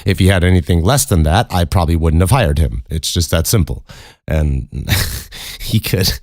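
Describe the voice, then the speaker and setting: An American man with a deep, low voice talks alone on his podcast, rambling through a story, cursing freely and laughing along the way. The sound is dry and close, with no room around it. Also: moderate pace, a little mellow, no room sound. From United States. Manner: profane, rambling, laughs often. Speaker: podcast host. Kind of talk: casual storytelling monologue.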